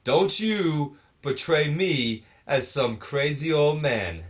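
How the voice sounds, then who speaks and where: Brief: furious boastful old wrestler, strained high yell, put on by a man. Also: expressive, slow pace, lo-fi sound. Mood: indignant. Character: boastful veteran male wrestler, furious, shouting.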